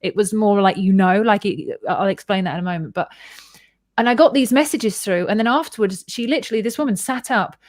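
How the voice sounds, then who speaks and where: A woman shares a personal story on her podcast in a loose, animated way, dropping into the voices of the people she quotes. Her voice sits in a middle pitch. The recording is close and dry, with no room sound. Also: brisk, no echo. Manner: animated and candid, swears freely, acts out quoted voices. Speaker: podcast host. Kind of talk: casual storytelling chat.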